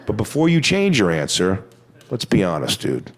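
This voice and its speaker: A man doing a stand-up comedy routine, telling a crude story with punchlines that build to shouting. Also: lowish voice, wildly swooping pitch, moderate pace.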